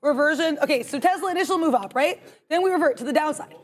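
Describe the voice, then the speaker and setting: Fast, high-voiced excitable woman. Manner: emphatic, excitable, talks to herself aloud. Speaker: co-host trading live. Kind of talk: energetic live market commentary.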